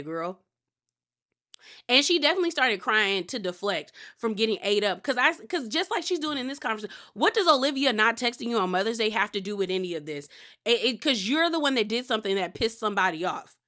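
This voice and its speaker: A woman's voice: medium pitch, pushed and bright. A woman casually recapping a reality show episode, chatty and opinionated, quoting the cast and often calling them girl. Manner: chatty and opinionated, calls people girl, quotes cast members.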